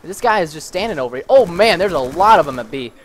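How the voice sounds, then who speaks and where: A young man is commenting on a shooter match he is playing, his voice jumping up and down in pitch. He laughs often and breaks into shouts when things go wrong. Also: animated, quick pace. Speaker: gaming channel host. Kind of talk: excited gameplay commentary.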